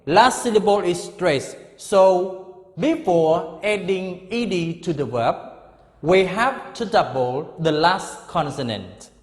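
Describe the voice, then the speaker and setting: A middle-aged man teaching an English grammar lesson, explaining slowly and repeating himself with frequent checks of "okay?". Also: sits high, animated. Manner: slow, repetitive, drawn-out explanations with frequent "okay?". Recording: echoey room with long reverb.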